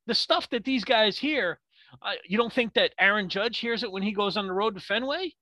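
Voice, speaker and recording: A man co-hosting a sports podcast, ranting in a heated, profane way with rapid rhetorical questions. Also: high voice, bright, forceful tone, no room sound. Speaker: podcast co-host.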